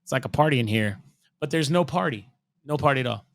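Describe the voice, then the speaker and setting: A man's voice: medium pitch, quick pace, gravelly. A man in his thirties co-hosting a podcast over a video call, rambling in casual chat and slipping into silly accents. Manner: rambling, animated, likes doing silly accents. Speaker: podcast co-host. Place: home room.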